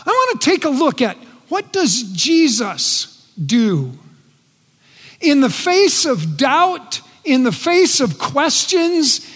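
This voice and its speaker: High-voiced preacher with a lively, slow delivery. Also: male voice. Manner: earnest, plays out quoted voices, drops soft on quoted words. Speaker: pastor. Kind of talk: sermon. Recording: long reverb in a large hall.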